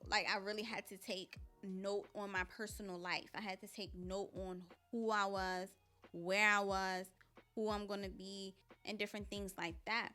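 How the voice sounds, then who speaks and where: A woman's voice: mid-range voice, fairly even intonation, moderate pace, bright, forceful tone, faint music behind. A young woman hosting her own podcast, talking candidly and preachily straight to her listeners. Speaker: podcast host. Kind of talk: casual motivational monologue.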